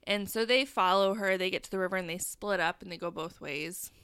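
Bright, clear-voiced woman recapping a film. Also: medium pitch, a little fast, no echo, clean studio sound. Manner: laughs often, animated retelling. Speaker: podcast co-host. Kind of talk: casual chat recapping a film.

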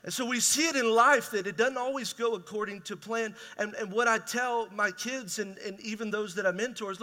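A man's voice: sits high, a little fast, hardly any pauses, sharp tone. A middle-aged man preaching a sermon as pastor, raw and conversational, asking his congregation rhetorical questions. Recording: reverberant hall.

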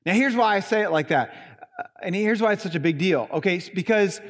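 High-voiced pastor in a reverberant church. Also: male voice, animated. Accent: Southern Indiana. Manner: emphatic, stresses single words with long pauses. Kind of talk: sermon. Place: church sanctuary.

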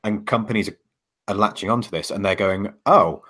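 A man's voice: lowish voice, flat delivery, a little fast, a bit bright. A man in casual podcast chat, talking hesitantly with many fillers and restarts.

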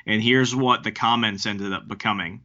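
A man's voice: lowish voice, steady tone, bright, forceful tone. A man hosting a podcast, ranting in casual chat with an exasperated tone. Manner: exasperated, fast ranting with restarts. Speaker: podcast host. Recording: dull lo-fi podcast audio.

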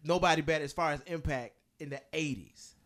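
A man's voice: a little high, a little fast. A man hosting a casual hip-hop podcast, debating rankings and counting down a list. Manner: animated, ranks and counts down a list. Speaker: podcast host.

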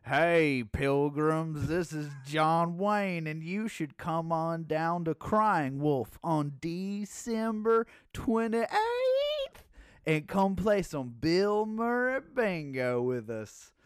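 A man putting on the voice of an old-time cowboy film star, with a slow drawl. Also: fairly high pitch, big pitch swings, smooth, no echo, studio quality, pitched above the performer's own voice, exaggerated voice. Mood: hearty.

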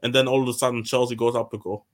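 A man's voice: mid-range voice, little pitch movement, rapid-fire. A man in a casual football chat, rambling and repeating himself as he makes his point.

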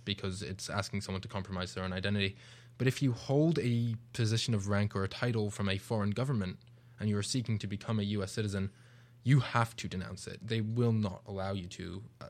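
Earnest low-voiced British man. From Britain. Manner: reflective, earnest, speeds up when making a point. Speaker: radio show co-host. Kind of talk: casual radio discussion.

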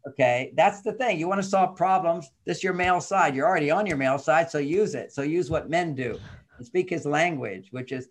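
A man's voice: a little high, brisk. An older man, a guest on a podcast, explaining relationships in casual chat and acting out the voices of the people in his stories. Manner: animated storytelling, acts out quoted voices.

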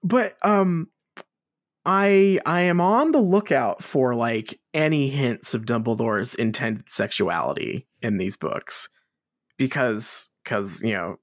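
A man's voice: mid-range voice, takes it slowly, dry recording, clean studio sound. A man co-hosting a podcast, talking casually with swearing and frequent laughter. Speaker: podcast co-host. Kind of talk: casual chat.

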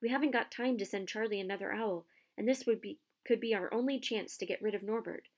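Woman doing Harry, a calm schoolboy. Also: mid-range voice, quick pace, lightly acted. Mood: determined. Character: Harry, level-headed young schoolboy.

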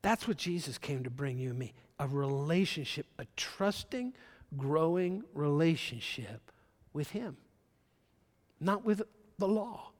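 A man preaching a sermon as a pastor, swelling his voice loud for emphasis and dropping it low again. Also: expressive, measured pace. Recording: long hall reverb.

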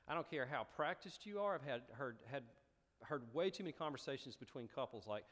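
A male pastor delivering a sermon, telling stories with rising, animated emphasis. His voice sits in a middle range. It carries a long reverb, as if spoken from the front of a large hall. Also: mid-range voice, fairly quick.

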